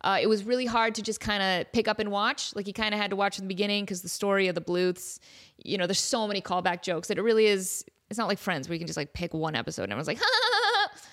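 A woman in her thirties hosting a comedy podcast, talking in a chatty, animated way and slipping into silly voices. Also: medium pitch, quick pace. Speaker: podcast host. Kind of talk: casual comedic monologue.

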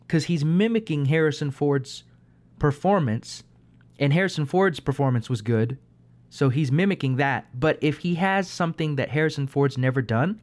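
A man hosting a casual chat, talking in an animated way and working through examples. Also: fairly high pitch.

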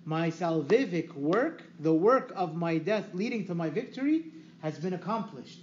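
A man preaching a teaching sermon, lively and asking his listeners questions he then answers himself. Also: a little high, normal speed. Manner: lively, asks the audience questions and answers them. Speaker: priest. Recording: echoey room, dull lo-fi sound, faint hiss.

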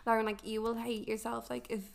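A young woman in her twenties, talking quickly and pitched a touch high. She chats as a podcast guest, candid and loose, with plenty of fillers and curses. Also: monotone, gravelly. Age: 20s. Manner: candid storytelling full of fillers and swearing. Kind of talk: casual chat.

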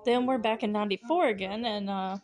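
Woman podcast host, young adult, mid-pitched, loose and chatty, laughs often, casual recap delivery. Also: a little fast, darkish tone. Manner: chatty, lots of fillers and frequent laughter.

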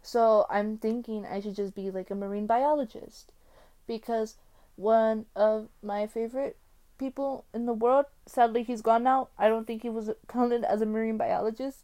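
A woman from the United States hosting her own podcast in a casual solo chat, rambling and excitable as she jumps between topics with many fillers. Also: a little high, moderate pace. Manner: swings between loud exclamations and quiet mumbling. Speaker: podcast host.

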